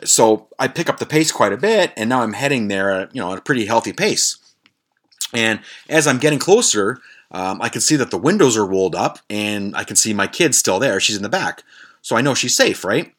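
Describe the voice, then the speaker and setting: A man's voice: a little high, fairly bright tone. A man, hosting a podcast and telling a rambling, profane story in a blunt, casual way. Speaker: podcast host.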